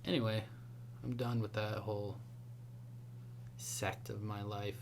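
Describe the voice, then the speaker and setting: A man's voice: lowish voice, flat delivery, measured pace, creaky, slight background noise. Rambling young man on a podcast. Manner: rambling, filler-heavy storytelling with frequent "like". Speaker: podcast co-host. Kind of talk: casual chat.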